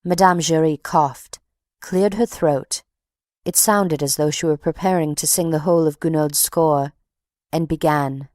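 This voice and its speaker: A woman narrating an audiobook in a measured, steady reading. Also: low voice, no echo, clean studio sound.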